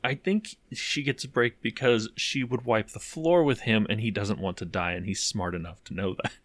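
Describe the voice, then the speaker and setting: Low-voiced pedantic podcast man, dry mic. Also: normal speed, no room sound. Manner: laughs often, self-aware and a bit pedantic. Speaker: podcast co-host. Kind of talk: casual chat recapping an actual-play game.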